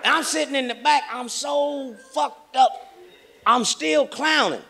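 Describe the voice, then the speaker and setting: A man from Kansas City performing a profane stand-up comedy set, telling stories loudly and acting out the other people in them. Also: extremely high pitch, measured pace, creaky. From Kansas City, Missouri. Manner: profane, loud storytelling with acted-out voices. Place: comedy stage before a large audience. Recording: live stage mic with a laughing crowd.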